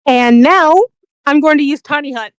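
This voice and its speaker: A woman with a high voice, talking as a player at a tabletop game. Her manner is cheeky and confident, with a ready giggle. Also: moderate pace. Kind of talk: casual tabletop game chat.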